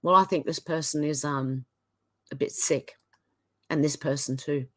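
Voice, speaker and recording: A woman's voice: fairly even intonation, fairly bright tone. A woman with an Australian accent, giving casual commentary and reading posts aloud. She sounds indignant and sarcastic. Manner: indignant and sarcastic, quick swings in pitch. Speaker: commentary vlogger.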